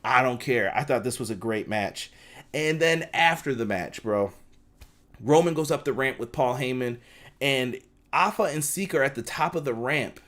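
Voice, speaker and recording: A young man with a medium-pitched voice gives a casual fan recap of a wrestling show, excited and slangy, acting out what the wrestlers said in quick asides.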